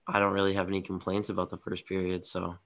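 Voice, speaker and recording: Deep flat-voiced man, bright tone. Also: fast talker. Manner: rambling, blunt opinions. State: tired. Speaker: podcast co-host. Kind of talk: casual hockey podcast chat.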